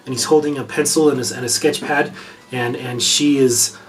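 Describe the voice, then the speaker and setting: Halting game master man. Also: mid-range voice, fairly even intonation. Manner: halting, repeats words as he narrates. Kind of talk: narrating a tabletop game.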